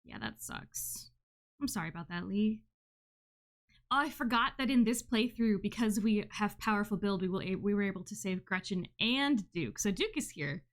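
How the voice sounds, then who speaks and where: A woman's voice: medium pitch, lively intonation, moderate pace. A woman streamer chatting casually with her viewers while reading through a story game. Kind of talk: casual let's-play commentary.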